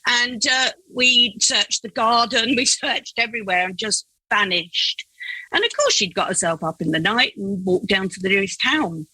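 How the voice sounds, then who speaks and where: Lively, husky woman telling a story. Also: mid-range voice, moderate pace, dry recording, low-quality recording. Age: middle-aged. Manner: animated, laughing, acts out her own and others' voices. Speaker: guest, foster carer. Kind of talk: storytelling in a casual interview.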